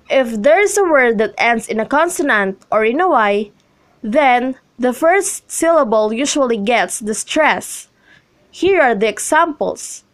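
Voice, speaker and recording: A young woman reading a scripted classroom lesson, slowly and carefully, with pauses between listed example words. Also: fairly high pitch. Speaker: student presenter.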